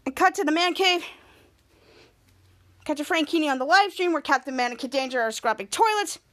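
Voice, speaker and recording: A woman's voice: high voice, animated, brisk, a bit bright. A woman podcast host recapping a TV episode scene by scene, with stumbling restarts.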